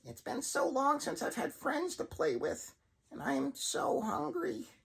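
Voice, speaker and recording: A man voicing a sinister possessed male puppet with a thin, squeaky voice and sing-song menace. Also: wildly swooping pitch, measured pace, creaky, fairly bright tone, full character voice. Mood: menacing.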